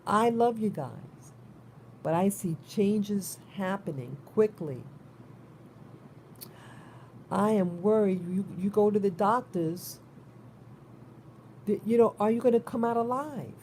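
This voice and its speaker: New lady vlogging, mid pitch, mellow tone, rambles and repeats herself, sounds worried. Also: slow pace, pauses often, slight background noise. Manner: rambling, repeats and restarts words, concerned. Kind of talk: casual spoken monologue.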